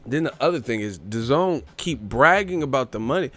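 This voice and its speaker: Profane, mocking livestream host. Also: male voice, mid-range voice, animated, a little fast, fairly bright tone. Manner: profane, mocking, laughs often. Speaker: boxing show host. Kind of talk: casual ranting livestream talk.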